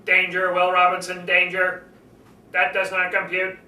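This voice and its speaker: A man putting on the flat, mechanical voice of a TV robot, holding one tone throughout. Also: high-pitched, measured pace, echoey room, distant mic, heavily acted, poor audio. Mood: monotone. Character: flat monotone TV robot, male.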